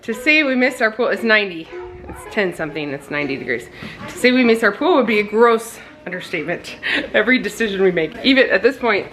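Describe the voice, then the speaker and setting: A woman's voice: medium pitch, expressive, fast talker, a bit bright. A woman in her thirties from Nebraska, chatting casually to camera in a family vlog and laughing often. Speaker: vlogger, mother.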